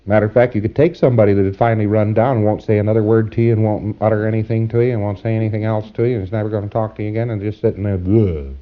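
A man's voice: lowish voice, level tone. A man giving a lecture to trainees, folksy and wry, acting out short exchanges as he talks. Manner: folksy, wry, acts out exchanges in quick asides. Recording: dull lo-fi old tape recording.

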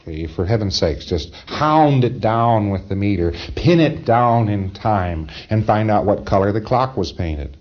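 A man's voice: lowish voice, animated, unhurried, hardly any pauses. Chuckling male lecturer on dull tape. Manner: conversational, emphatic, chuckles often. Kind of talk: informal training lecture.

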